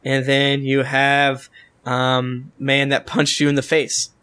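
A man's voice: medium pitch, completely flat delivery, takes it slowly, pushed and bright, smooth. A man narrating as dungeon master of a tabletop game, loose and joking as he describes the fight. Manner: loose, joking, often restarts lines.

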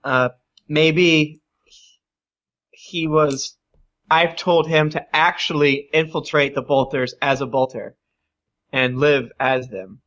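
A man's voice: fairly high pitch, steady tone, slow, pauses often, a bit bright. Man chatting as game master. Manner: laughing, thinking aloud. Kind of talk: casual tabletop game chat. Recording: dull lo-fi table recording.

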